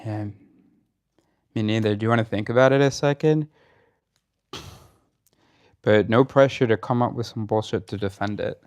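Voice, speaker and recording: A man's voice: on the low side, moderate pace, pauses often, a little mellow, clear, resonant tone. A man arguing with his partner in a casual conversation, pressing his points in a sarcastic, challenging way. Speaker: partner in a debate. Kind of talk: casual argument between partners.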